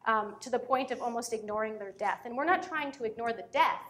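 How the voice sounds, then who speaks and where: Earnest woman in her thirties, storytelling speaker, slightly high voice. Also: fairly quick, a bit bright. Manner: earnest, storytelling, turns emotional. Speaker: speaker on parenting. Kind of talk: personal talk to an audience.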